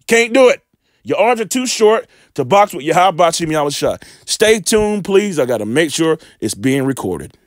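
A man's voice: on the high side, very animated, normal speed, no room sound, studio quality. A man reading scripture aloud and preaching informally. He talks fervently and often stumbles over his words.

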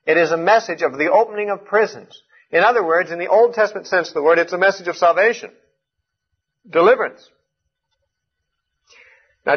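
Male Bible teacher, earnest and explanatory, rather high voice, a little husky, muffled lo-fi sound. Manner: earnest, explanatory, emphatic on key points. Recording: muffled lo-fi recording.

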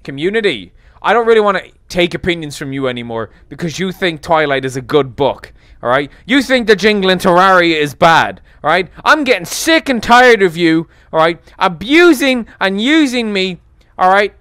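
A man's voice: high-pitched, very animated, moderate pace, fairly bright tone, smooth, no echo. A man giving casual, sarcastic game commentary, rambling and joking as he plays. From Ireland. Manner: rambling, sarcastic, jokey ranting. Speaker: gaming streamer. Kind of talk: casual let's play commentary.

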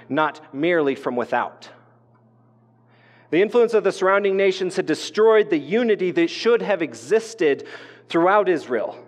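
A man's voice: on the high side, long reverb tail. A man in his role as pastor preaching a sermon in a casual, conversational way, with asides and restarts, from northern Colorado. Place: church sanctuary.

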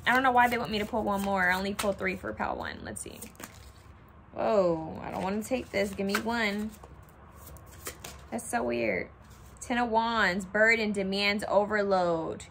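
A young woman does a casual pick-a-card tarot reading, chatting and thinking out loud as she draws cards. Her medium-pitched voice is bright and forceful, and there's a slight hiss or hum in the audio.

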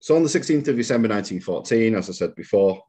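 A man giving a public history lecture as a museum lecturer, measured and reading out quotations with occasional fillers. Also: fairly low pitch, expressive, dark tone, husky. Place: lecture room.

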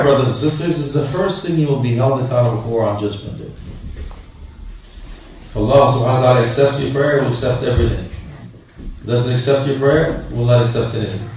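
A man's voice: medium pitch, darkish tone, slight background noise. Man preaching in an echoey mosque hall. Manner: asks the crowd questions and acts out excuses in quick back-and-forth. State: losing his voice. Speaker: imam giving a talk. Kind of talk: lively Ramadan sermon to a congregation. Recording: echoey hall, mic from a distance.

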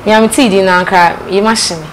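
A Ghanaian woman hosts a playful chat show, pressing her guest with the same teasing questions. Her voice sits mid-pitch, with a little background noise in the recording. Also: fairly even intonation, brisk, poor audio. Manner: teasing, switches between Twi and English, repeats questions. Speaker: talk show host. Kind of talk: casual chat show interview.

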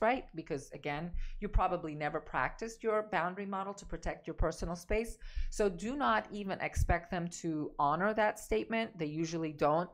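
A woman relationship coach giving emphatic, direct advice, repeating her key points. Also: on the low side. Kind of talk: advice talk to camera.

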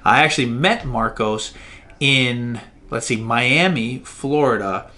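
A man's voice: medium pitch, slow, pushed and bright. A man hosting a podcast in a casual interview style, friendly and joking, plain-spoken, over a video call. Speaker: podcast host.

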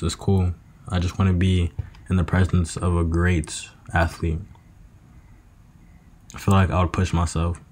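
Husky low-voiced man rambling. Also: a little mellow. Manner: loose, meandering, slangy, half-freestyling rhymes. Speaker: vlogger. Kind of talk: late-night rambling monologue.

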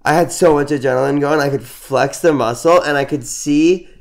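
Animated man telling a story. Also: a little high, moderate pace, gravelly. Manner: animated, says "like" often. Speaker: podcast guest, professional snowboarder. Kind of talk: casual storytelling chat.

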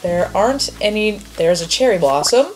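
A woman chatting excitedly and swearing lightly as she comments on a game she is playing. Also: medium pitch, moderate pace, faint music behind. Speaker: gamer. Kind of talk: casual gameplay commentary.

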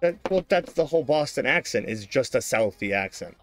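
A man's voice: medium pitch, expressive, fairly quick, faint music behind. A man from Massachusetts trading teasing, joking banter during casual gaming chat. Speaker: streamer's friend.

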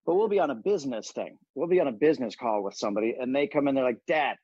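A man with a mid-pitched, husky voice, telling stories with animated energy in a casual chat. His sound is dry and dull, like remote call audio. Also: very fast, no room sound. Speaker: guest, comedian.

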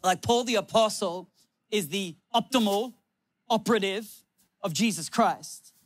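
A man preaching a sermon on a church stage, animated and laughing often, acting out little quotes from people. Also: sits high, unhurried, no room sound. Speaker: pastor.

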